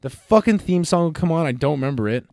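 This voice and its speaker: A man co-hosting a casual podcast, bantering with lots of swearing and excitable outbursts. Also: a little high, fast, creaky, dry recording, clean studio sound. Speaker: podcast co-host. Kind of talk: casual chat.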